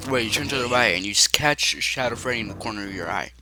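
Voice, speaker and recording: A man narrating a choose-your-own-path game as game master, halting and correcting himself as he goes. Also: mid-range voice, bright, forceful tone. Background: music.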